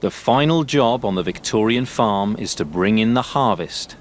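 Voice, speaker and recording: A man giving scripted documentary narration in a measured, lightly wry way. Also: lowish voice, lively intonation, noisy background. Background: music.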